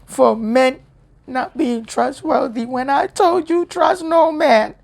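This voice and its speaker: A woman voicing God as a patient parent who scolds slowly and deliberately. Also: high-pitched, gravelly, a little mellow, pitched above the performer's own voice, heavily acted. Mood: gently scolding.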